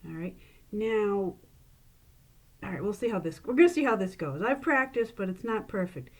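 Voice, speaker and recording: A woman's voice: mid-range voice, animated, normal speed. A woman librarian casually walking viewers through coin tricks, chatty and playful, laughing at her own slips. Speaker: librarian demonstrating magic tricks. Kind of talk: casual how-to demonstration. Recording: noisy room with clicks.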